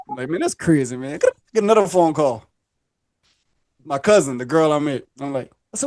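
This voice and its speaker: Animated high-voiced man storyteller. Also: brisk, no room sound. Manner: animated, acts out voices in his story, laughs often. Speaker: podcast co-host telling a story. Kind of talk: casual storytelling chat.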